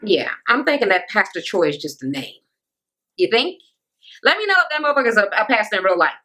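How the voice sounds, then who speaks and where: A woman's voice: medium pitch, very animated, brisk, pushed and bright, poor audio. A woman vlogger ranting through a reality TV recap, blunt, sassy and full of profanity, with sarcastic asides to the viewer.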